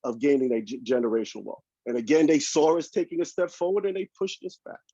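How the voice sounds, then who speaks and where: A man's voice: on the high side, fairly even intonation, fast talker, dark tone, no echo, dull audio. A man speaking as a panelist in a fervent panel talk, asking rhetorical questions, heard over a video call.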